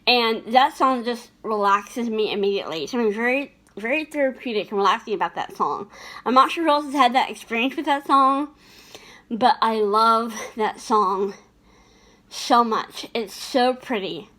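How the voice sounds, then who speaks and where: Chatty high-voiced woman vlogger. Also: expressive, moderate pace, bright, forceful tone. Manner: chatty, laughs often, many fillers and restarts. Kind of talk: casual chat about favorite movies.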